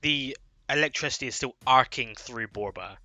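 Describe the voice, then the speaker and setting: A man narrating a tabletop game as game master, setting the scene in slow, descriptive detail. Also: mid-range voice, bright, forceful tone, no room sound.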